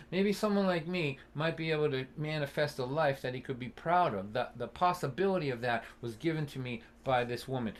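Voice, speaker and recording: Earnest sixty-something male storyteller, slightly high voice. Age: 60s. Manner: earnest, halting, with frequent restarts. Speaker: folk singer and storyteller. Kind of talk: personal storytelling at a live-streamed concert.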